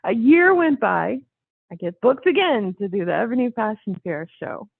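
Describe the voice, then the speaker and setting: A woman guest telling a story in casual conversation, with an animated way of talking. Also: on the high side, moderate pace, creaky, no echo. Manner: animated, acts out quoted voices. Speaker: interview guest. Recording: tinny phone-line sound, dry.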